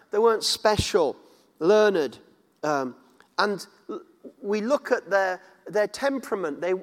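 Preacher in a reverberant hall. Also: male voice, sits high. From northern England. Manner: conversational, many restarts and repetitions, playful asides. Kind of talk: sermon.

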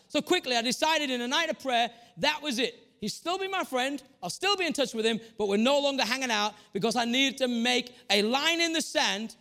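A man's voice: extremely high pitch, lively intonation, a little fast, few pauses, bright, forceful tone. A man preaching a sermon, telling stories from his own life and changing his pace often. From Northeast England.

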